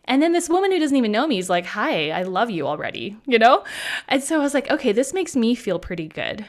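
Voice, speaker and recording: A woman, a hairstylist guest, telling a story in a casual chat, acting out quoted lines with lively shifts of voice. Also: fairly high pitch, quick pace. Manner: animated, acts out quotes in bright voices.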